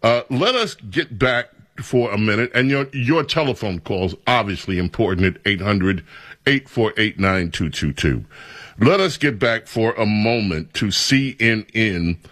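A man's voice: on the low side, expressive, unhurried, a bit bright, no echo. A man hosting a talk radio show, with rambling, incredulous commentary.

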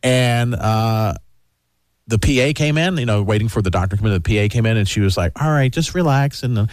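A man's voice: lowish voice, steady tone, brisk, no room sound, clean studio sound. A middle-aged man hosting a radio show who tells a story in casual chat and acts out other people's lines.

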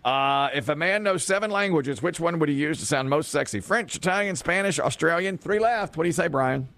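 A man's voice: fairly high pitch, animated, brisk, a bit bright. A man hosting a quiz game on a radio show, upbeat and teasing, repeating the question for each player.

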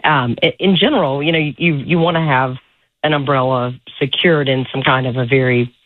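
A woman's voice: extremely low pitch, moderate pace. Woman lawyer on a tinny phone line. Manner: hesitant, filler-heavy. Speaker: legal expert guest. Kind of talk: casual explanation on radio.

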